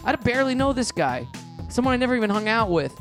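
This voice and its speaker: A middle-aged man telling stories in a casual interview, animated and quick, acting out quoted lines in a raised voice. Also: very high voice, soft background music. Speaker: comedian and show producer, guest. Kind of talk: casual storytelling in a podcast interview.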